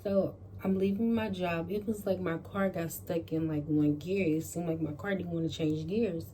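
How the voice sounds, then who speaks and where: A woman vlogger in her bedroom telling a casual storytime to camera, animated and peppered with "like" and swearing. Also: on the low side, moderate pace, a little hiss or hum. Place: bedroom at home.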